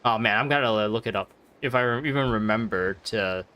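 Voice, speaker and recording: A man's voice: fairly low pitch, brisk, sharp tone. A man giving rambling, jokey commentary while playing a game. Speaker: streamer. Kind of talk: gameplay commentary. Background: game music.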